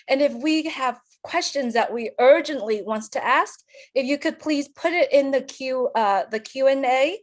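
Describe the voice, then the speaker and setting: A woman moderating a live webinar on a video call, politely giving instructions and calling on speakers. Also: mid-range voice. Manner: polite, gives clear instructions.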